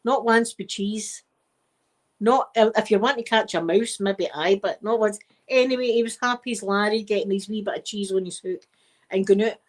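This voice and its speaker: A middle-aged Scottish woman in soft-spoken casual chat, rambling warmly as an ASMR host. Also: medium pitch, normal speed. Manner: chatty and rambling, with frequent wee and laughter.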